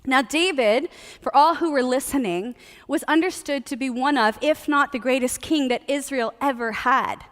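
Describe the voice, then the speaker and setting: A woman's voice: high-pitched, normal speed. A woman preaching a sermon in a casual, playful, conversational teaching manner. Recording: long hall reverb.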